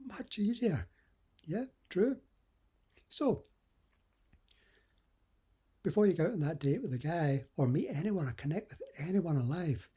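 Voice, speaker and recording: A middle-aged man speaks with a husky edge in a mellow, warm tone. He gives dating and confidence advice in an earnest, conversational way. He often acts out little example dialogues. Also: on the high side. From west coast of Scotland. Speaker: dating coach. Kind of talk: motivational advice talk.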